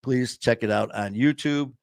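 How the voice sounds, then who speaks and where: A man's voice: mid-range voice, unhurried. A man co-hosting a podcast in casual chat. His voice sits mid-range, and he talks in a rambling, upbeat way that keeps restarting. The sound is dry and close, with no room echo. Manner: rambling, self-interrupting, upbeat. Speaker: podcast host.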